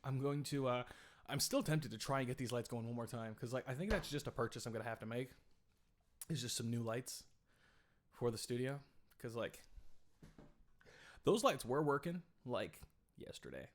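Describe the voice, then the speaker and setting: A man's voice: medium pitch, lively intonation, moderate pace, pauses often. Casual, rambling young male streamer. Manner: rambling, loose, with frequent fillers and swearing. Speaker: streamer reviewing music. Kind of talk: casual live-stream chat. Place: home studio.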